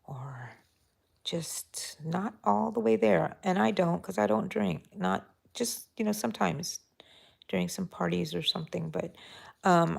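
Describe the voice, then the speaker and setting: A middle-aged woman hosting a live crochet tutorial, talking softly and mellowly, sometimes drifting into a whisper as she works. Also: on the low side, gravelly. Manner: soft, mellow, drifting into whispers while counting stitches. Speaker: crochet channel host.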